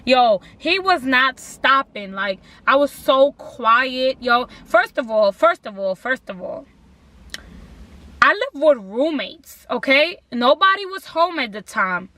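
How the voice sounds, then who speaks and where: A young woman with a high-pitched voice tells a story in a casual vlog. She is animated, packs her speech with slang and profanity, and leans on "like" as filler. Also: slow. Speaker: vlogger.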